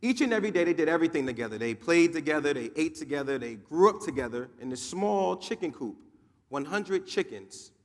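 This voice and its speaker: A motivational speaker from Newark, New Jersey, gives a keynote full of dramatic stories and emphatic repetition. His voice is slightly high for a man, expressive and a little fast, and a long reverb from a large conference hall trails his words.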